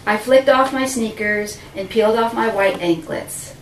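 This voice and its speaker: A woman telling a dramatic first-person story, theatrical and swinging between breathless and hushed. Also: on the high side, moderate pace, a little hiss or hum. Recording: roomy, distant mic with faint ambience.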